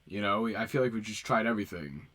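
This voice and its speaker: A man hosting a livestream, talking casually and haltingly as he sorts out audio trouble. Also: lowish voice, animated, a bit bright. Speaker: livestream host.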